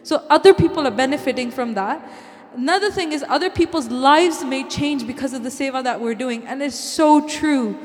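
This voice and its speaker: A high-voiced woman speaks earnestly at a Sikh community event, giving an inspirational talk to the congregation in a hall with long reverb. Her heartfelt English is sprinkled with Punjabi phrases, delivered at normal speed with hardly any pauses.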